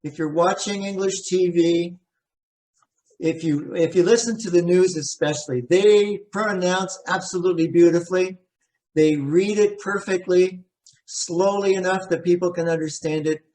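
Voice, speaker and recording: A middle-aged man leading a pronunciation workshop, saying word pairs slowly and repeating each sound to demonstrate it. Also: sits high, steady tone, darkish tone. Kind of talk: workshop teaching.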